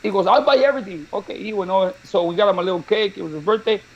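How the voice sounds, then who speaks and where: Male co-host, high voice, lively laughing storyteller, slightly muffled studio sound. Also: very fast. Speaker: show co-host. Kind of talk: casual storytelling chat.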